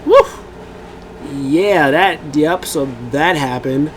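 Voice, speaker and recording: Against background noise, a man with a slightly high voice speaks a little slowly. As a review show host, he rambles through a casual wrestling recap, animated and filler-heavy, imitating what people said.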